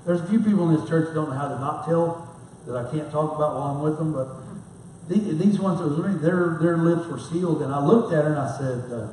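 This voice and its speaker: A middle-aged pastor with a fairly high voice tells folksy, rambling stories from the pulpit and pokes fun at himself. His sermon rings through a big, very echoey church hall. The mic sits some way off, with a faint hiss underneath. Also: fast talker, darkish tone, recorded from a distance. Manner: folksy, rambling, self-mocking humor. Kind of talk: storytelling sermon. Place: church sanctuary.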